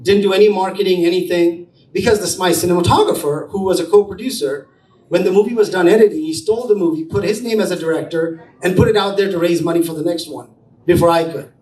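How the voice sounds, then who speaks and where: Man, high voice, storytelling talk, acts out quoted dialogue, distant mic, echoey room. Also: fast, a little mellow. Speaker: entrepreneur speaking at a brunch event. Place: event room with an audience. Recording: roomy, distant mic, faint ambience.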